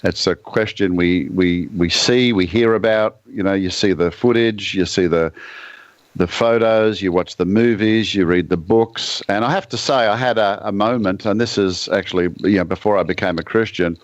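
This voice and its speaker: A man with an Australian accent, a guest on a radio talk show, speaking in a measured, thoughtful way with dry humor. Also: lowish voice, no echo, muffled recording. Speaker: guest author and ministry leader. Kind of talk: casual radio interview.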